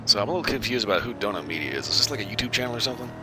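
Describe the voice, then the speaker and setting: A man's voice: on the low side, lively intonation, very fast, over music. A man streaming a driving game, chatting in a rambling, crude, bemused way. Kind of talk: casual gameplay commentary.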